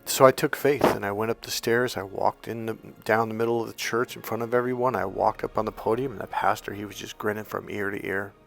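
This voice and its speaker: A man, a dating coach, telling a personal story in a casual monologue, animated, swearing now and then, and acting out the lines of people in it. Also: on the low side, fairly quick, creaky, hardly any pauses, faint music behind. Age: young adult. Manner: animated, swears and acts out quotes.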